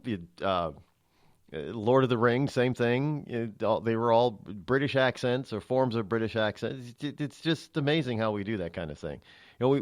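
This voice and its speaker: A man's voice: mid-range voice, no room sound. A man hosting a talk radio show from a studio, rambling through a monologue with many restarts and fillers. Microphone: studio mic.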